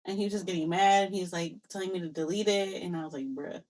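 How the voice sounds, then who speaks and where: A woman's voice: fairly low pitch, fast talker. Chatty young woman telling a story. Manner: animated storyteller, acts out quoted exchanges, mixes in Spanish phrases. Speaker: podcast co-host. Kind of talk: casual storytelling chat.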